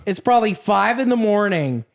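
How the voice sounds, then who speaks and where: A man's voice: sits high, animated, moderate pace, gravelly. A young man, a podcast co-host, telling a rambling story in casual chat and swearing freely.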